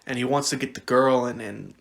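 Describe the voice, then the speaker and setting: A young man co-hosting a podcast, chatting casually in an animated way, rambling with frequent restarts. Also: mid-range voice, brisk, gravelly. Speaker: podcast co-host. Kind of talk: casual chat.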